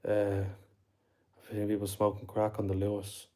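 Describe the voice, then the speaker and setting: A young Irish man on a livestream, talking in a low, mellow voice with a flat, level delivery. He swears freely and ends his lines with bro and like as he chats with his viewers. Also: moderate pace. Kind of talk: casual chat with viewers.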